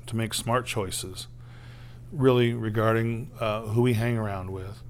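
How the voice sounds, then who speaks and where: A pastor with a fairly low pitch and fairly even intonation preaches unhurriedly. His sermon is conversational, with frequent "right?" tag questions, and he acts out the voices in a parable.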